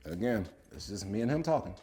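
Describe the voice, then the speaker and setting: A man's voice: on the low side, sing-song, fast talker, warm tone, soft background music. A man, a former football player turned business coach, telling a story to camera and quoting a friend aloud with frequent laughs.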